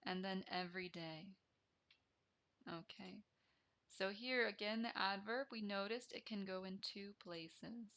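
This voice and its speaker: A woman English teacher explaining a grammar lesson deliberately, repeating each key term. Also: medium pitch, fairly bright tone, muffled recording.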